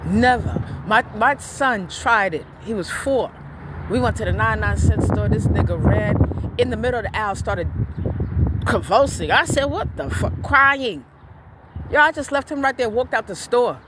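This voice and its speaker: A woman giving blunt, profane parenting opinions in a casual vlog rant, telling stories in an animated way. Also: on the high side, moderate pace, background noise.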